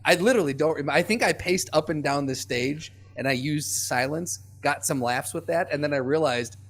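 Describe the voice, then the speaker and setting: A man co-hosting a podcast, telling a self-deprecating story in a casual, halting way. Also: a little high. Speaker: podcast co-host.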